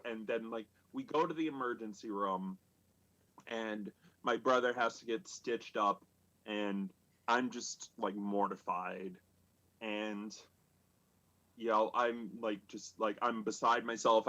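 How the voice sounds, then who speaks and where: A man in his thirties telling a comedic personal story at a live storytelling show, rambling and halting with many fillers and restarts. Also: on the low side, fairly bright tone, lo-fi sound. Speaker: stand-up comic telling stories.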